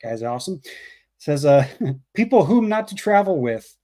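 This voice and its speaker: Co-host type, man with a slightly raised pitch, loose chatty read of viewer donations. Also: big pitch swings, normal speed, dark tone. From Canada. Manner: reads donor messages aloud with fillers and laughs. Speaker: co-host reading super chats. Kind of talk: casual livestream chat.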